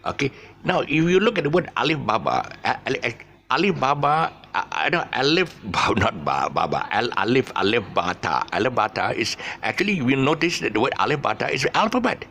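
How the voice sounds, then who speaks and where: A man's voice: medium pitch, big pitch swings, fairly quick, gravelly, bright, forceful tone. A man teaching a casual English lesson, rambling with fillers and restarts as he explains words. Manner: rambling, many fillers and restarts, laughs at himself.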